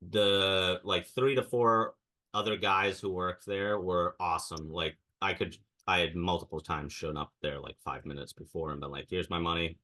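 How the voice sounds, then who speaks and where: A man's voice: low-pitched, steady tone, moderate pace, pushed and bright. A young man and podcast co-host telling a ranting story in casual chat, mimicking the people he quotes.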